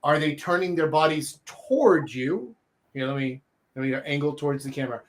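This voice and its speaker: A man's voice: fairly high pitch, moderate pace. A man hosting a casual talk show, giving dating advice and acting out quoted reactions with emphasis. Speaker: podcast host and dating coach.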